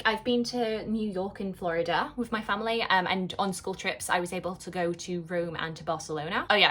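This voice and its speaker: A young woman from West Yorkshire chats away at a quick clip, animated and self-deprecating. Her talk runs like a relaxed get-ready-with-me vlog, lively and unscripted. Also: mid-range voice. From West Yorkshire, England. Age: 20s. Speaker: vlogger. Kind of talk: casual get-ready-with-me chat.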